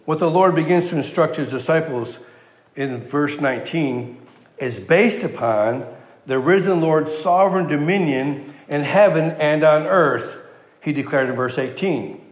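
Preaching man in an echoing hall. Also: fairly high pitch. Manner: emphatic, repeats key words, asks the audience questions. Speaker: pastor. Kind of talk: sermon. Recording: echoey hall reverb.

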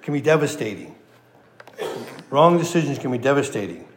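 A man's voice: medium pitch, sing-song, normal speed, echoey room, slight background noise. Guy pastor preaching, folksy, repeats stuff, voice drops off at the ends. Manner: folksy, repeats phrases for emphasis. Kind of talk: sermon with a joke.

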